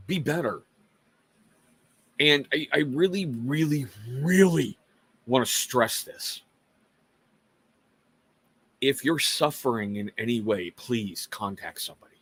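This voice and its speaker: On a casual live talk show, a middle-aged host from Washington State speaks earnestly to his viewers, with rambling asides that poke fun at himself. His voice is mid-range with a fairly bright tone.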